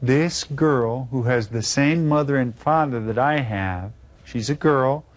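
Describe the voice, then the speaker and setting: A man's voice: mid-range voice, unhurried. A man teaching a video Spanish lesson to children, patiently spelling words out letter by letter.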